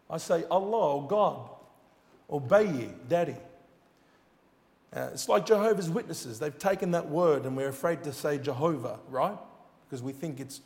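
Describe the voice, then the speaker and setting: Earnest man preaching in a reverberant hall. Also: on the high side. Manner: earnest, storytelling with rising emphasis. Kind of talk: sermon testimony.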